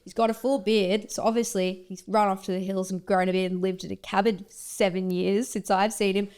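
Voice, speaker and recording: An Australian woman hosting a podcast, telling a dating story in animated casual chat. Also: medium pitch, brisk. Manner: animated storytelling, laughing often. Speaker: podcast host.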